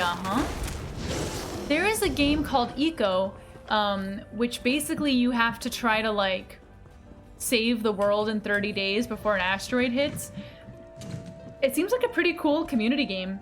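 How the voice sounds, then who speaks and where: An excitable American woman chats with her stream audience as she plays, her voice pitched a little high and quick to laugh. Game music plays clearly underneath. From United States. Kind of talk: casual live-stream chat while gaming.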